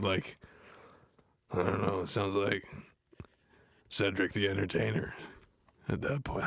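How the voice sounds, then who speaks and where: A gravelly, deep-voiced metal frontman. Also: no room sound, clean studio sound, heavily acted. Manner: deadpan, grumbling, mocking the text. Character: gruff adult male metal frontman, blunt, easily bored. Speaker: reader of a play. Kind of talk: comedic read-aloud with running complaints.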